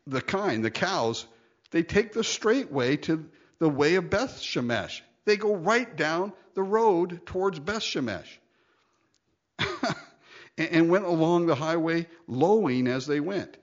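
A man preaching a Bible-teaching sermon, chatty and animated, often laughing and acting out quoted lines. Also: fairly high pitch, slow pace, highs cut off. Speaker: pastor.

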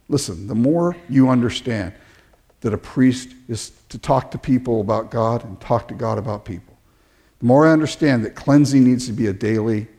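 Male pastor, sermon delivery, lively swinging pitch, stumbles and restarts, acts out quotes. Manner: animated preaching with stammered restarts and acted-out quotes.

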